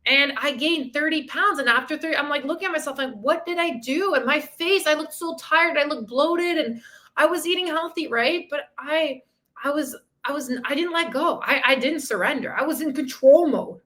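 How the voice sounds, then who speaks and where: A woman in her thirties who coaches fitness and mindset talks openly to her listeners on a podcast. Her voice sits high and rings bright and forceful. She speaks with candid emotion and steady encouragement, dropping the odd swear word. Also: moderate pace. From outside the country she lives in. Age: 30s. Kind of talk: solo podcast talk.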